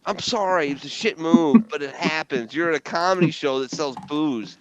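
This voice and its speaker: A middle-aged man hosting a podcast, telling stories in casual, profane, animated chat. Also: a little high, normal speed, lo-fi sound, a loud crowd. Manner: animated storytelling with profanity and laughter. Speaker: podcast host.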